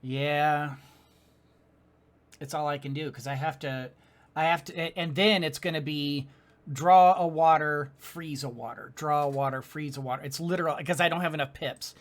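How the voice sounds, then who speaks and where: A woman's voice: low voice, fairly even intonation, normal speed. A woman hosting a let's play, commenting on her game with dramatic groans, cries of dismay and frequent laughter. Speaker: gaming channel host.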